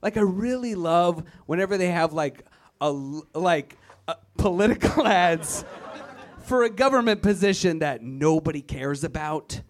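A Virginia-born comic works a club stage in front of a live crowd, his high voice animated but a little slow. His stand-up set has him imitating, mockingly, the people he's describing.

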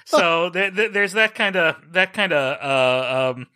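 Male panelist; halting and stammering, dry humor, bright tense tone. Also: high-pitched, lively intonation, clear, resonant tone. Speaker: podcast panelist. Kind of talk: casual podcast chat.

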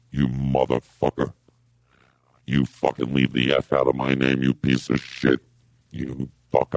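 A man voicing a furious caller on a voicemail, his voice disguised with a pitched-down, devil-like filter, growling and profane. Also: gravelly, no room sound, heavily acted. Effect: pitched-down demonic voice filter.

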